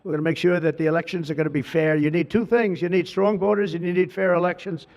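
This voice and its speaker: A man's voice: high-pitched, little pitch movement, fast talker, gravelly, a little mellow. An American man giving an ad-libbed public speech at a ceremony, rambling and digressive, repeating lavish praise. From United States. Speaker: politician addressing a crowd. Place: large outdoor ceremony at an official residence. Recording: dull reverberant public-address sound.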